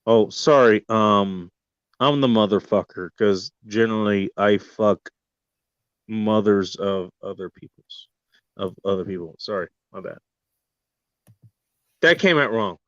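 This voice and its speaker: A man hosting a show in a profane mock-serious rant, firing rhetorical questions and dropping from loud outbursts to near-murmurs. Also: lowish voice, unhurried, long pauses, no room sound. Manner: heavy swearing, rhetorical questions. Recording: dull lo-fi dry recording.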